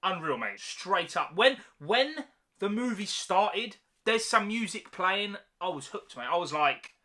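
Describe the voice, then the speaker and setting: High, bright, enthusiastic young man. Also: big pitch swings, unhurried. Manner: enthusiastic slangy chatter, calls listeners mate. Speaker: movie reviewer. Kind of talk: casual film review.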